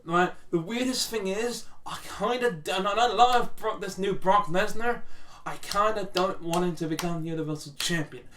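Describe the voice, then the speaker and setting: A man's voice: sits high, moderate pace, fairly bright tone, distant mic, slight background noise. A man casually rambling through wrestling predictions on his channel, with restarts and swearing. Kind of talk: casual solo commentary to camera.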